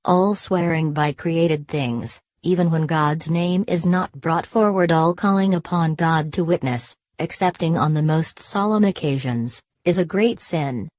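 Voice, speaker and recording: A woman reading an old Bible commentary aloud in a measured, even way. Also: low-pitched, no echo.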